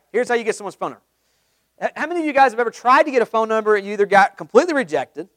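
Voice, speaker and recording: Fast-talking high-voiced male sales trainer. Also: no echo. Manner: energetic, quizzes the audience with questions; acts out sample phone calls. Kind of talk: live training talk to a group.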